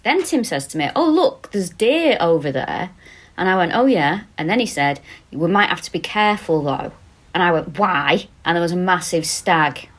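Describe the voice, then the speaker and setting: A woman's voice: lowish voice, normal speed. A woman with a Manchester accent, a podcast co-host chatting and telling stories with lots of swearing, recording remotely. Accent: Mancunian. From England. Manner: storytelling, swearing, animated. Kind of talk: casual comedic chat. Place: countryside home, recording remotely. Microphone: remote call.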